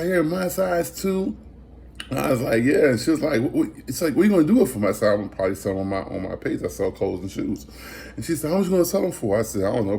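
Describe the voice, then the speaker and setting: Lowish-voiced man telling a casual story. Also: a little hiss or hum. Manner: animated storyteller, acts out quoted voices, many fillers and restarts. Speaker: thrift reseller and vlogger.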